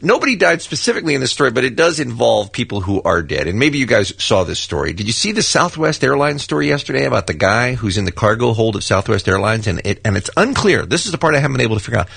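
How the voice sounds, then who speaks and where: A man's voice: medium pitch, big pitch swings, quick pace, creaky, hardly any pauses, fairly bright tone, slightly rough, no room sound. A man co-hosting a morning radio show, telling a story in a chatty way, often laughing and restarting his sentences.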